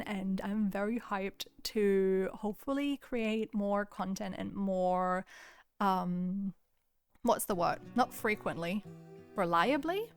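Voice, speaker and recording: A video creator in her twenties records a casual, chatty voiceover at home, laughing often. Her voice is weak and cracking, mid-range, and her delivery subdued and rather monotonous.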